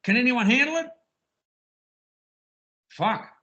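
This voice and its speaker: A man's voice: high-pitched, expressive, measured pace, pushed and bright, highs cut off. A man on a call, recounting a police stop in a crude, insistent, mocking way. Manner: mocks the officer's lines, crude and insistent. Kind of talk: rambling call-in monologue.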